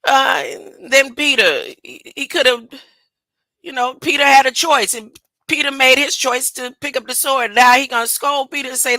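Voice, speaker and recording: High, bright-voiced woman preaching emphatically. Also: moderate pace, no echo, low-quality recording. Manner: emphatic, colloquial, rhetorical questions. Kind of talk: informal sermon.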